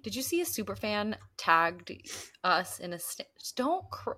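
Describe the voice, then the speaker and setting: A young woman from the US East Coast, co-hosting a podcast in casual chat and telling animated stories, mimicking voices and gasping. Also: medium pitch, a little slow. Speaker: podcast co-host.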